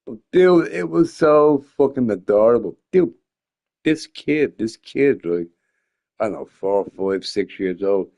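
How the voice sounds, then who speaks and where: A man's voice: mid-range voice, lively intonation, measured pace, creaky, a little mellow. A drunk man rambling and joking crudely while streaming a game. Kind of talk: casual stream chat.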